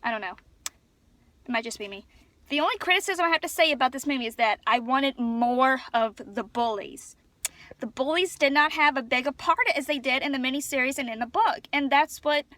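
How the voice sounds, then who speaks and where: Woman vlogging on her phone, high voice, rambly and excitable, dry close sound. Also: normal speed, no echo. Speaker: vlogger reviewing a film. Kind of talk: casual chat. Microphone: phone camera.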